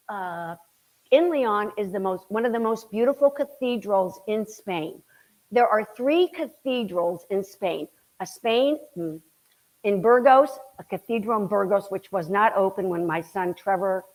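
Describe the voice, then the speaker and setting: A middle-aged woman giving a casual slide talk to an audience, chatty and animated, acting out quoted voices as she tells a story. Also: on the high side, rough recording.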